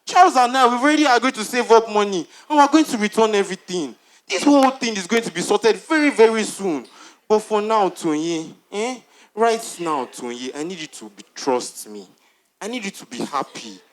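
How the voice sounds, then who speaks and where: Actor as a remorseful husband, high lively voice, pleading and playful, stage drama. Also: male voice, moderate pace. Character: remorseful young husband pleading with his wife.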